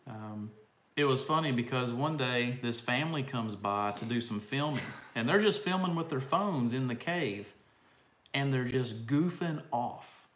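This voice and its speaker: A middle-aged man with a soft Kentucky drawl talks in a relaxed, unhurried way. His voice sits at an everyday pitch. The room around him rings with echo. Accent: Southern US, Kentucky. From south central Kentucky. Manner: slow, easygoing drawl. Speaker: co-host, park guide. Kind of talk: casual live-stream chat. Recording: echoey room.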